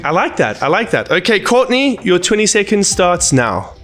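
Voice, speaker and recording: A man's voice: high-pitched, big pitch swings, fairly bright tone, soft background music. A man moderating a casual movie debate, keeping time and laughing often between rounds. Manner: brisk timekeeping, laughs often. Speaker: debate show host.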